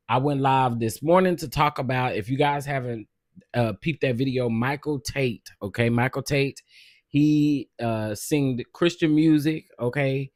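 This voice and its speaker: A man hosting a casual live stream, greeting viewers by name and chatting in a loose, drawn-out way. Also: medium pitch, no echo, clean studio sound. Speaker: livestream host.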